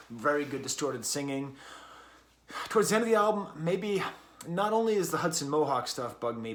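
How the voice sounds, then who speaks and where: A man's voice: a little high, a bit bright. A man reviewing an album in a casual, rambling way, with many fillers and restarts. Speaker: music reviewer.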